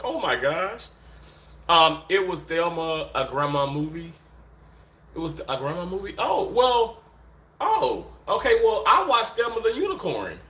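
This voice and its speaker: A man's voice: a little high, sing-song, unhurried, pushed and bright, reverberant. A man from Mississippi with a Southern accent, chatting casually on a live stream from a hotel room, rambling with lots of fillers. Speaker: livestream host. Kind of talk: casual live-stream chat reading viewer comments.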